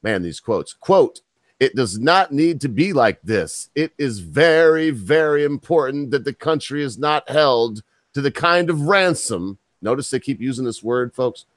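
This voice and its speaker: A man's voice: medium pitch, animated, unhurried, no echo. An American man hosting a podcast, reading news articles aloud and breaking off into blunt, mocking asides. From United States. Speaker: podcast host.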